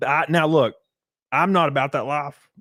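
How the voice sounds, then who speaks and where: A man's voice: fairly high pitch, steady tone, normal speed, bright, forceful tone, a little hiss or hum. A man hosting a podcast, chatting in a rambling, crude way and laughing easily. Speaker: podcast host. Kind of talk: raunchy casual chat.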